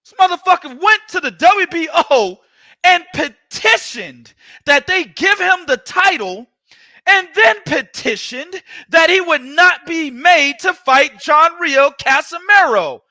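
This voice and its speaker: A man hosting a boxing podcast, giving heated, profane, loud ranting commentary. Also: very high voice, lively intonation, slow.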